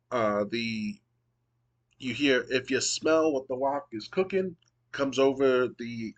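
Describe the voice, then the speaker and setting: A man giving casual commentary on a wrestling management game he plays, reading out match results in a relaxed way with some fillers. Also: mid-range voice. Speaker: video game booker.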